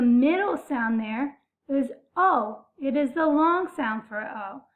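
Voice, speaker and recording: Slow, deliberate woman teaching phonics. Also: high voice, expressive. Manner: slow, deliberate, stretching out sounds. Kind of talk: phonics lesson. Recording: phone-like narrow sound.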